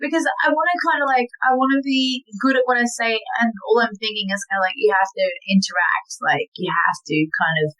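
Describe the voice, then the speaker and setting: A woman's voice: fairly high pitch, brisk, hardly any pauses, fairly bright tone, poor audio. A young Australian woman chatting as a guest musician, rambling and giggly, full of "like" fillers. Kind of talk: casual chat.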